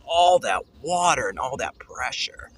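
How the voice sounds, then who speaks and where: A man hosting a family travel show, telling a story casually and excitedly, often pausing to search for words. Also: mid-range voice, a little hiss or hum. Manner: excitable, gropes for words, exclaims "holy cow".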